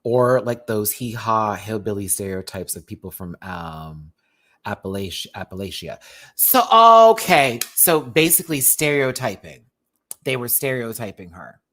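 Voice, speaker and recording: Texan host with a light Southern twang, animated casual review rant, piles on repeated words for emphasis. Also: male voice, on the low side, unhurried. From Texas. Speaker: drag show reviewer.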